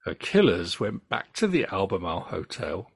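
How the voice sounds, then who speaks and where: An English man hosting a podcast, reading case notes in a true crime story with relaxed asides. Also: deep voice, normal speed, vocal fry, slightly rough, no echo.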